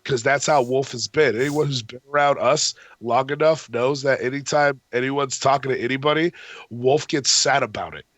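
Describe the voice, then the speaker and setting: A man's voice: medium pitch, moderate pace, a bit bright, no echo. A man casually telling a long, profane story on a podcast, acting out the arguments he quotes. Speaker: podcast co-host.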